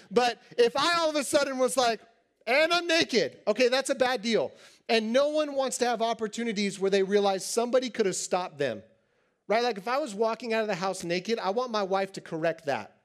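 A man in his thirties preaching to teens in a joking, animated way, acting out little scenes. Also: high-pitched, fairly quick. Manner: animated, joking, acts out quotes. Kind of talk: sermon to teens.

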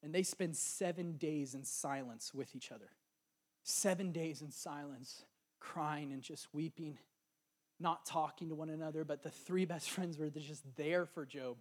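A young man preaching a sermon, retelling a story with lively quoted voices. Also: a little high, a little slow.

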